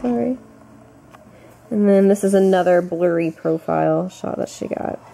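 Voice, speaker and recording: A woman's voice: fairly low pitch, normal speed, creaky, dark tone. Tired young woman, chatty vlog update. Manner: chatty, rambling, many fillers and restarts. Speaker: vlogger. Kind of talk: casual pregnancy update vlog.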